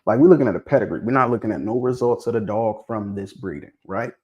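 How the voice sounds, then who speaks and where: Animated man prodding his viewers. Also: fairly low pitch, fast, dull audio. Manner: animated, prodding viewers with questions, repeats himself. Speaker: livestream host discussing dog pedigrees. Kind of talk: casual livestream chat.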